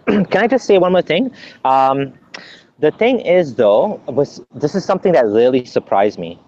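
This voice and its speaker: A man's voice: on the high side, big pitch swings, a little slow, darkish tone, muffled recording, slight background noise. A man being interviewed as a guest, explaining at length in an earnest, conversational way, often restarting his sentences.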